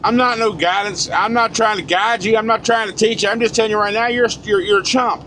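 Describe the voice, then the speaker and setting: A man's voice: high-pitched, steady tone, a little fast, pushed and bright. A man, a truck driver vlogger giving a blunt, profane, fired-up casual rant. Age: 40s. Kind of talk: casual ranting monologue. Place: inside a truck cab. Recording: road noise from a moving truck.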